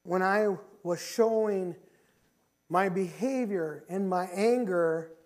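A middle-aged man preaches in a church sanctuary, his voice sitting high and his delivery unhurried. Emphatic throughout, he circles back to his key phrases and alternates booming stretches with softer ones.

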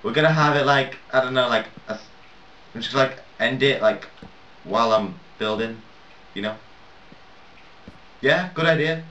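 Steady in tone and moderate in pace, a gaming creator's bright, forceful mid-range voice carries his casual let's-play commentary as he builds. He rambles, curses a lot and makes fun of himself, all captured on a roomy, distant, dull lo-fi mic.

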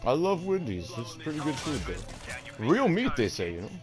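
A man doing a shouting cranky aging movie star. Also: on the high side, sing-song, normal speed, voice pushed up. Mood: grumbling. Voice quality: lopsided, strained and slurred from a twisted mouth. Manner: shouting, repetitive grumbling. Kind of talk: impression during a game stream.

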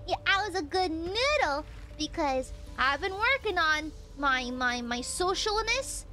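High, bright-voiced playful woman streamer. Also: soft background music. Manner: playful, teasing, reads out donations; animated, quick pitch jumps. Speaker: VTuber streamer. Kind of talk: casual live-stream chat while gaming.

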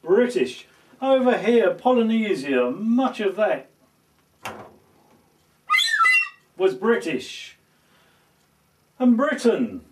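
A man's voice: sits high, big pitch swings, slow pace, a little mellow, far from the mic, slight background noise, exaggerated voice. A man playing a pompous, nostalgic English lord in a comedy sketch, proclaiming in a lofty voice.

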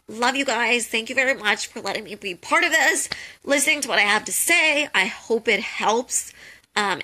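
A woman's voice: medium pitch, vocal fry, sharp tone. A young woman giving casual advice on a live call, chatty and jokey, full of "um" and "like". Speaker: host of a social media tips call.

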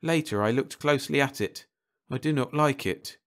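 In a natural voice of medium pitch with a fairly bright tone, a man speaks at a moderate pace, pitching above his own voice to play a formal, polite train porter. The character sounds worried.

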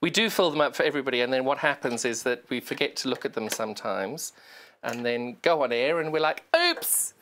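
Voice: medium pitch, fast talker, a bit bright, slight background noise. Chatty sewing presenter. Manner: chatty, self-deprecating, talks to the sewing machine; explains step by step while working with hands. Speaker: shopping channel sewing presenter. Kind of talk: live TV sewing demonstration.

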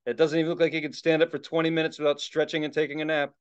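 A middle-aged man chats on a podcast, his voice sitting a little high and coming through dull and lo-fi. He gets excitable, swears a lot and keeps restarting his sentences as he rambles. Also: very fast, clean tone. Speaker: podcast co-host. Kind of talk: casual chat. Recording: dull lo-fi sound.

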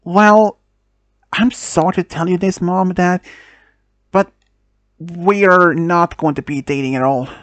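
A man voicing a teenage girl arguing with her parents, speaking in a halting, pleading way. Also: high voice, steady tone, fairly bright tone, dry recording. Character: teenage girl Janet, upset but defiant.

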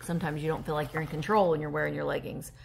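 A woman, chatting casually on a handheld phone vlog as she reads fan mail and opens a gift, emotional and gushing with breathy gasps. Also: sits low, flat delivery, very fast, a little hiss or hum. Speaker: vintage reseller vlogger. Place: indoors at a table. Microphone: handheld phone camera.

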